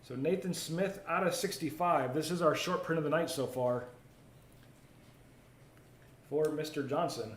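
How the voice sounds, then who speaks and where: A man's voice: a little high, a little slow, long pauses. A man hosting a live card break, chatting casually while opening packs and reading out viewer comments. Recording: roomy echo, faint ambient noise.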